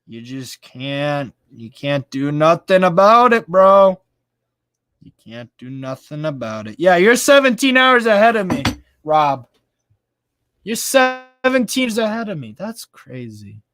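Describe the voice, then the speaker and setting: A man with a somewhat high voice hosts a casual live stream, chatting excitably as he reads out viewer comments. He swears casually and laughs often. The sound is dry, with no room echo. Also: measured pace, smooth. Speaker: live stream host reading fan chat.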